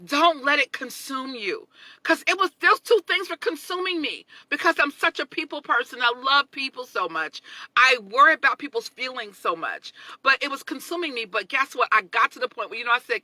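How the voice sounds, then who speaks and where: A woman in her thirties, hosting a casual motivational talk, chatty and expressive, laughing often and greeting viewers by name. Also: high voice, normal speed, no room sound, low-quality recording. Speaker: motivational livestream host.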